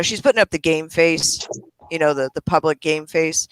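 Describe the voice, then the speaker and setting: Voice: mid-range voice, a little fast, a bit bright, no echo, low-quality recording. Laid-back, cussing parent storyteller. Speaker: live stream co-host. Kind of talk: casual chat.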